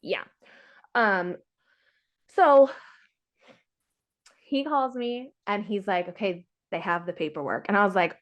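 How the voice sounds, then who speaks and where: Casual podcast host, woman, mid-pitched voice: frank, exasperated storyteller who acts out the dialogue. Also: lively intonation, normal speed, pauses often. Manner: storytelling, acting out quoted dialogue. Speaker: podcast host sharing her surrogacy story. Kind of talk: casual chat.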